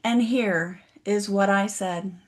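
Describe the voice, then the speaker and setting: A woman's voice: medium pitch, slow. A woman giving a motivational keynote speech, telling a story and asking the audience direct questions. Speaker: motivational speaker. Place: online event, audience in chat.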